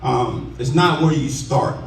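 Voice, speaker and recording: A man's voice: mid-range voice, vocal fry. Emotional man speaking in a roomy cafeteria. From Commerce, Texas. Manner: heartfelt, halting, many restarts. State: emotional, voice choking up. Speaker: honoree giving an acceptance speech. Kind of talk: unscripted acceptance speech. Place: school cafeteria at a ceremony. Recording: roomy, distant, faint background hiss.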